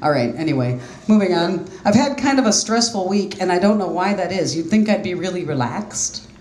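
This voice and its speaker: A woman's voice: fairly low pitch, expressive, brisk, a little mellow. A middle-aged woman doing a stand-up comedy set, telling self-deprecating stories in a chatty, conversational way on a small club stage. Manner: self-deprecating, conversational storytelling with quoted voices. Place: small jazz club stage, live audience laughing. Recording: roomy club sound with faint ambience.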